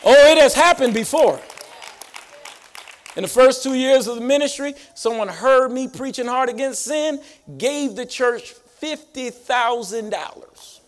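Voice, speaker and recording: Man, lively pastor preaching, high-pitched, rising emphasis for the congregation. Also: a little hiss or hum. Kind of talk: sermon. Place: church sanctuary.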